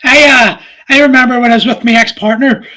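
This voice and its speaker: A man's voice: very high-pitched, steady tone, fast talker, bright, forceful tone. A man in his forties, the podcast host, chatting casually and candidly, swearing freely and laughing often. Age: 40s. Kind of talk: casual chat.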